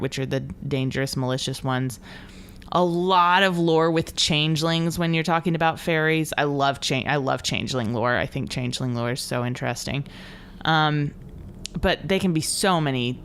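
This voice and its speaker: A woman's voice: sits low, clean tone. A woman co-hosting a podcast, eagerly sharing trivia and folklore during casual movie commentary. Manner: enthusiastic, shares trivia and lore. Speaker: podcast co-host.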